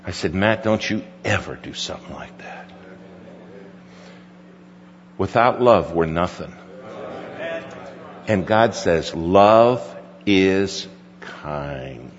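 A man's voice: sits low, slow pace, long pauses, a little hiss or hum. A middle-aged male pastor telling a folksy story in a sermon, quoting his son at length. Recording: dull recording with hall reverb.

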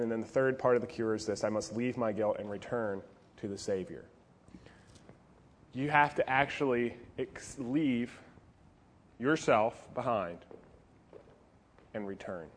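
A male pastor preaching to teenagers in an animated, jokey style with playful asides. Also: mid-range voice, measured pace, pauses often. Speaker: youth pastor. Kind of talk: youth sermon.

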